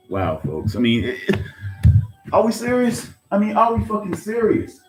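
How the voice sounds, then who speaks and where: Over music, a man in his thirties who makes online content rants heatedly and unhurriedly straight at his viewers, his pitch swooping wildly. He's agitated, swears, repeats himself, calls everyone "folks," and goes high-pitched when angry.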